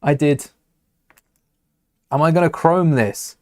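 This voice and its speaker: A man's voice: on the high side, takes it slowly, no echo, clean studio sound. Chatty man mumbling while he builds. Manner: rambling, chatty, mutters to himself and greets chat. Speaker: LEGO builder streaming to viewers. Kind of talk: casual live-stream chat while building.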